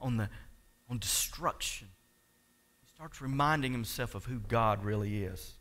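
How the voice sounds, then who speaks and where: An unhurried male pastor with a mid-range voice preaches to his congregation, addressing them directly. He shifts back and forth between quiet asides and loud, impassioned declarations.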